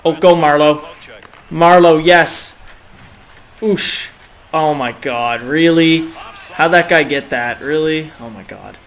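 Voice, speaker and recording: A young man giving excitable live commentary on his own video game match, groaning and cheering at each play, his throat a bit dry. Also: fairly high pitch, a little slow. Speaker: gaming channel host.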